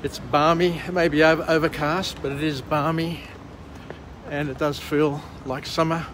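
A man's voice: fairly high pitch, little pitch movement, moderate pace, noisy background. Chatty Australian man walking outdoors. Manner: chatty, rambling with fillers and restarts. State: muffled by a face mask. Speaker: vlog host. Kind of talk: walk-and-talk book summary vlog. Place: outdoors by an urban harbour, walking.

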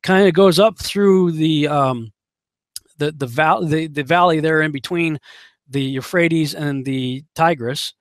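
A male Bible teacher delivers a relaxed, conversational sermon that moves between storytelling and scripture reading. His voice sits a little above the usual male pitch. The recording is dry and close, with no room echo. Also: slow pace. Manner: conversational, with many fillers and restarts, reads scripture aloud.

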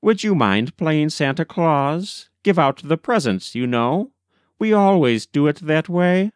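A man voicing an eager young male college student who talks briskly and coaxingly. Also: on the high side, lively intonation, smooth, no echo, clean studio sound, pitched above the performer's own voice.

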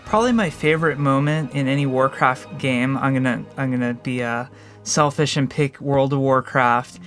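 A man reflects on his favorite moments in an interview, thoughtful and a little halting, restarting his sentences now and then. His pitch is medium, and faint music sits in the background. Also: a bit bright. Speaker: game designer.

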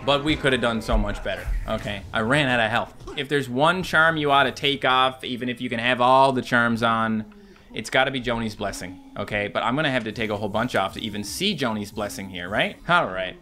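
A man in his thirties giving excitable, jokey let's-play commentary, talking to enemies and viewers. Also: mid-range voice, brisk, a little hiss or hum. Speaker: gaming YouTuber.

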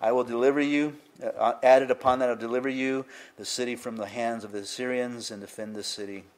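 A man's voice: mid-range voice, fairly even intonation, fairly quick. An older man, a pastor, preaching a conversational sermon with frequent asides and chuckles.

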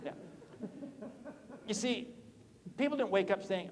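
A man speaking from the stage at a sales conference, with a fairly high voice that climbs and drops all over the place as he works the crowd. He talks to the audience directly, teases people in the room, and punches key lines. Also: unhurried. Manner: animated, swoops pitch up and down, jokes with audience. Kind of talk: energetic conference talk. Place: conference hall.

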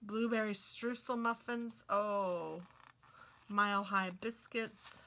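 Bright-voiced woman reading a cookbook aloud. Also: medium pitch, fairly even intonation, takes it slowly. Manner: chatty, reacts with delighted exclamations. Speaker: craft and book video host. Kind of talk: casual book walk-through, reading recipes aloud.

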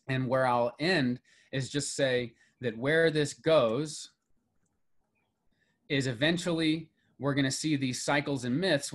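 A man's voice: mid-range voice, a bit bright. A middle-aged man giving a classroom lecture on myth and story, building emphasis on key lists. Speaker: mythology lecturer.

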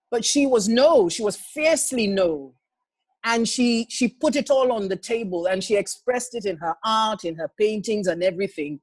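Man, 40s, priest and poet, earnest and reflective, gentle delivery, dry close sound. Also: high voice, unhurried, no room sound. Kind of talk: casual introduction before a reading.

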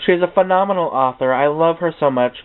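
A young man chats his way along his bookshelf, excitable and a little tongue-tied, tossing in casual swears. His voice sits a touch high and comes through clean and crisp in itself. The sound is tinny and narrow, like a cheap webcam or phone line. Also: brisk. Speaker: book vlogger. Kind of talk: casual unscripted bookshelf tour.

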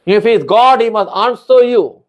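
A man's voice: sits high, moderate pace, dull audio. A man preaching a sermon, emphatic and repetitive, with frequent hallelujahs and non-native English phrasing.

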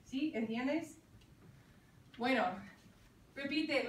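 A fairly high-voiced woman teaches a classroom, calling out short phrases for students to echo and then explaining them. She is heard from a distance in an echoey room, with a faint hiss underneath. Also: a little slow, fairly bright tone. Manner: says phrases in Spanish for the class to repeat, then translates. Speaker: Spanish teacher.

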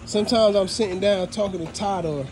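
A man's voice: high-pitched, brisk, background noise. A man, talking casually and heartfelt to his viewers on a phone outdoors at his dog kennels. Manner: heartfelt, repetitive, addresses viewers as fam. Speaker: dog breeder vlogger. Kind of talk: casual thank-you vlog. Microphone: phone held while walking outdoors.

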